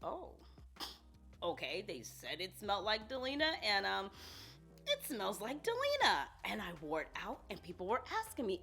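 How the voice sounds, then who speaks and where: A woman's voice: mid-range voice, huge pitch swings, moderate pace, sharp tone, soft background music. A woman reviewing fragrances in a casual vlog, gushing and talking straight to her viewers.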